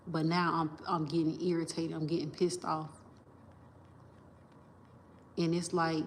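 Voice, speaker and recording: Low-voiced woman ranting on a livestream. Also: little pitch movement, unhurried, long pauses, a little hiss or hum. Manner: emphatic, repetitive and profane, restarting sentences. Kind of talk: rambling livestream monologue.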